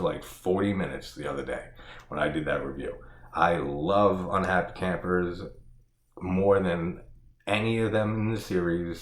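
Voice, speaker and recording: Male reviewer, slightly low voice, casual and exasperated, cursing and laughing, roomy echo. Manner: exasperated, laughing, profane, filler-heavy. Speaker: horror movie reviewer.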